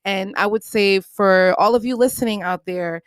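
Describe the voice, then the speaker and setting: A woman's voice: medium pitch, moderate pace, smooth, no room sound. A woman hosting her own podcast, speaking in an earnest, encouraging way and repeating her points for emphasis, with the odd playful aside. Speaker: podcast host. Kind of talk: solo podcast monologue.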